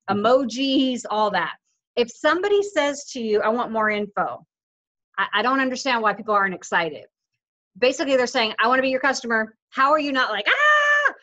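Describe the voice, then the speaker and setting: A woman leading her team of affiliates on a video call coaches them in a casual, upbeat yet insistent manner, acting out what other people say. Her fairly high voice sounds pushed and bright, and the recording quality is low.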